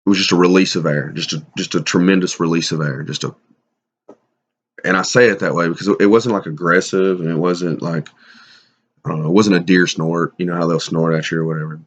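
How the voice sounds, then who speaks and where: A middle-aged man telling a casual story to camera, rambling and halting, with many restarts and fillers. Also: low voice, fairly even intonation. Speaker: bigfoot hunter sharing encounters. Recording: dull lo-fi sound.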